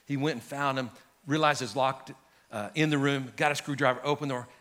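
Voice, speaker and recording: A middle-aged pastor preaching an animated sermon to his church, calling out to the congregation and building to shouts. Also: medium pitch, fairly quick. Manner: animated, preaching with rising shouts and audience call-outs. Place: large church sanctuary.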